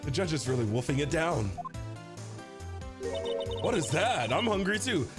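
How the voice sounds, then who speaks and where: Man, casual game commentary, joking, lively high voice, music behind. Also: a little slow, long pauses. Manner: joking, mock-outraged reactions. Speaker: streamer.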